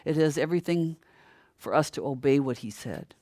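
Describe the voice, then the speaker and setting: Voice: animated, normal speed, dry recording. Older preacher, dry close sound, rhetorical questions, heats up as the point builds. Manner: asks rhetorical questions and answers them; grows louder and higher when stirred. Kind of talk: sermon.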